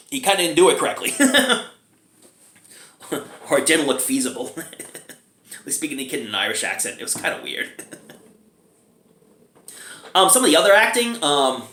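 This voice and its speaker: A man's voice: medium pitch, sharp tone. A man casually reviewing a movie, chatty and chuckling often as he talks. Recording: roomy echo.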